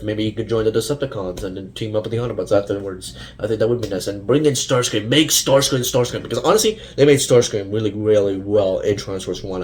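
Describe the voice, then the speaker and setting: A man's voice: lowish voice, darkish tone. A young man ranting casually to camera as a fan vlogger, rambling with many fillers and restarts.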